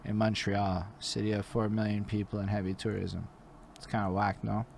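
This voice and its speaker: A man hosting a casual interview, talking loosely with lots of swearing and rising excitedly at times. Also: lowish voice, normal speed, vocal fry, a little hiss or hum. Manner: loose and profane, voice rises when animated. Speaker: host and interviewer. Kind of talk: casual podcast chat.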